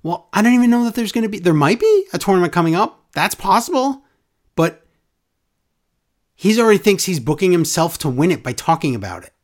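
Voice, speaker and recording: A man hosting a podcast in casual, opinionated chat, animated and mocking, acting out quoted wrestlers in exaggerated voices. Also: high-pitched, brisk.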